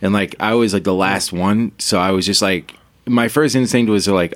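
A man's voice: on the low side, fairly even intonation, fast talker. A man in his late thirties casually telling a crash story, rambling and self-mocking with many fillers. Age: 30s.

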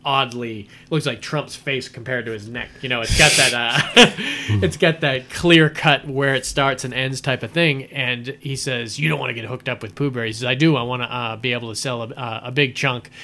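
A man's voice: medium pitch, moderate pace, sharp tone. A man in casual podcast chat, retelling film scenes in a rambling way with many fillers and laughs.

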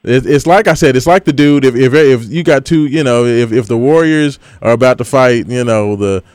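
A man's voice: medium pitch, moderate pace, darkish tone, no echo. Laid-back man in casual sports banter. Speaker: sports podcast co-host. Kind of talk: casual chat.

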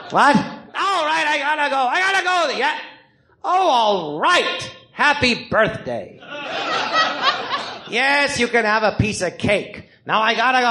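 A frantic, muddled gangster son, as a man puts him on, keeps cutting his mother short because he needs to hang up. His voice runs high and reedy, and he drags out his syllables. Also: creaky, reverberant, noisy background, exaggerated voice. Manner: impatient, keeps trying to hang up. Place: live podcast theatre stage.

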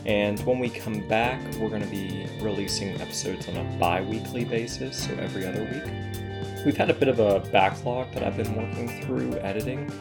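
Relaxed lower-voiced man over loud music. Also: normal speed, vocal fry. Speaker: podcast host and player. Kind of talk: casual tabletop game chat.

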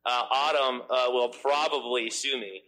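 Bright-voiced joking male podcast host. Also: mid-range voice, steady tone, measured pace, low-quality recording. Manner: joking, rambling with fillers and restarts. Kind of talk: casual chat.

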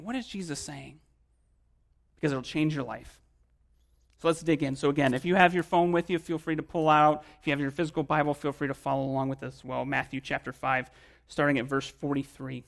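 A man, a pastor, preaching a sermon in a conversational style, with casual phrasing that swells in emphasis and drops to quiet asides. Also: on the high side, creaky.

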